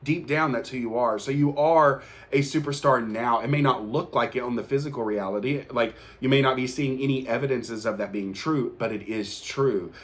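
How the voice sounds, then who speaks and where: A man's voice: mid-range voice, normal speed, fairly bright tone. A man hosting his own show, delivering an earnest motivational monologue to the viewer, repeating encouragements and often restarting his sentences as he gets emotional. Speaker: host.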